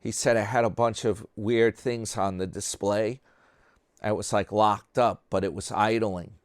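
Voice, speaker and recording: Low-voiced sarcastic man rambling commentary. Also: fairly even intonation, a little slow, no room sound, studio quality. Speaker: commentary channel host. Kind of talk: casual mocking commentary.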